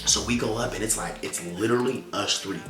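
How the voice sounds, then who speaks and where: This young man's fairly low, fairly bright voice moves briskly as he casually retells a story, full of slang and profanity, performing each quote. As a storytelling vlogger, he's recorded with a roomy echo and faint music behind.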